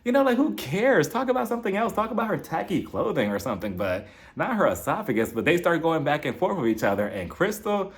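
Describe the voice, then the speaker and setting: Man, animated gossipy recap host, higher-pitched voice, very expressive up and down, laughs a lot. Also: fairly quick. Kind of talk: casual recap commentary.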